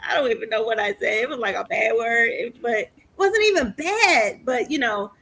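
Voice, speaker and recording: 40s woman podcast host, bright with a gravelly edge, animated and laughing a lot. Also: on the high side, normal speed, hardly any pauses, a little hiss or hum. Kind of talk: casual interview chat.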